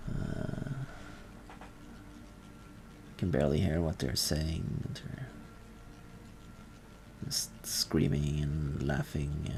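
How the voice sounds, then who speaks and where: Brief: male game master, low voice, slow halting second-person narration. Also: creaky, noisy background.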